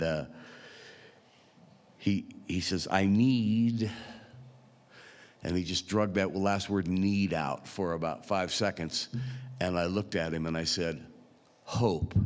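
A man with a deep, low voice preaches to his congregation, talking like he's chatting with friends. He pauses often and fills gaps with small hesitations. His words ring out with a long reverb through a large church sanctuary. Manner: unhurried, conversational, with frequent pauses and fillers. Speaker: pastor. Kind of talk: sermon storytelling.

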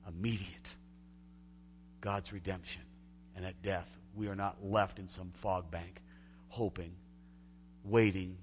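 A pastor giving a conversational sermon that swings between loud, emphatic build-ups and hushed, quiet lines. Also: male voice, deep voice, level tone, slow pace, long pauses, slight background noise.

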